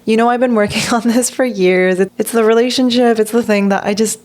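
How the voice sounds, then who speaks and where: A woman's voice: fairly high pitch, steady tone, brisk, darkish tone. A young woman hosting a podcast, speaking openly and earnestly about personal growth, laughing often and tearful at times. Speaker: podcast host. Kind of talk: personal reflective monologue.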